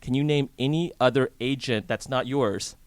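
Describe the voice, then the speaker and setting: A man's voice: mid-range voice, normal speed, clean tone, no echo. A man guesting on a radio show, chatty and conversational, tossing questions back at the hosts. His voice sits in the middle range and the mic sound is dry and close. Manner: chatty, asks the hosts questions, restarts often. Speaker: real estate guest. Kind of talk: casual radio interview. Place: radio studio in a hotel.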